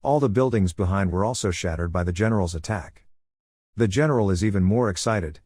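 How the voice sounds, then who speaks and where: A male narrator recounting a comic story in a steady, even manner. His voice sits on the low side. The recording is close and dry with no room sound. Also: a little fast, dry recording. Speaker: recap narrator.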